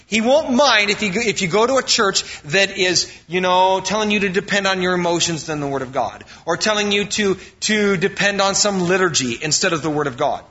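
A man's voice: high voice, expressive, a little fast, few pauses, bright, forceful tone, slightly rough, dull audio. A man preaching a sermon as pastor, quoting scripture and explaining it with frequent fillers and restarts.

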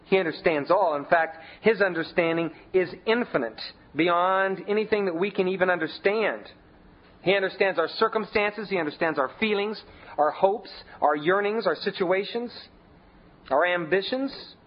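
Husky male pastor, conversational and emphatic. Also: moderate pace, muffled recording. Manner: conversational preaching, emphatic swings in pitch and volume. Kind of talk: sermon.

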